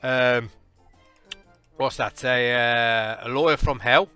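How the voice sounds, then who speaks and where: A man, casually and excitably commentating a game, joking and laughing at his own jokes. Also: mid-range voice, slow, clear, resonant tone, soft background music. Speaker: gaming channel host.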